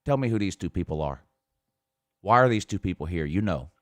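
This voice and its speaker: A man's voice: low voice, animated, fairly quick, no room sound. A man hosting a casual show, reading viewer comments aloud in a mocking tone and often laughing. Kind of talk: casual chat.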